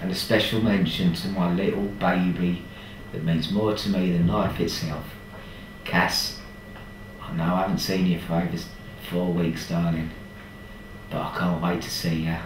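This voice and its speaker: A man's voice: sits low, little pitch movement, normal speed, noisy background. A man in a hospital ward, speaking a chatty, jokey video message of thanks with affectionate banter. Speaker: message sender thanking staff. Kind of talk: casual spoken video message. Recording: echoey room, distant mic.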